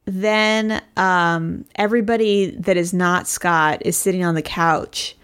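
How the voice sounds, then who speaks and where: A woman's voice: fairly low pitch, steady tone, slow pace, a bit bright, smooth. A woman co-hosting a podcast, recapping a reality show in casual chat, laughing often and quoting people in put-on voices. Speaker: podcast co-host.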